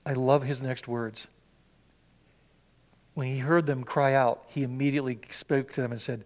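A man preaching a sermon in a church, acting out scripture quotes with sudden swings from loud cries to hushed whispers. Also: mid-range voice, normal speed, pauses often, long reverb tail. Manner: animated, acts out quotes with swings from shouts to whispers. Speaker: pastor. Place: church sanctuary.

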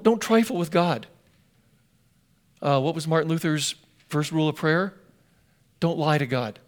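An older man preaching a sermon, telling stories with folksy asides and hammering points home with emphatic repetition. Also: sits high. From US Northwest. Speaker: pastor.

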